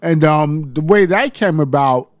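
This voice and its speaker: Man, middle-aged, New York-area accent, podcast guest, calm measured speech, dry recording. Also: fairly high pitch, no echo. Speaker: guest, hip-hop artist. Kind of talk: casual interview chat.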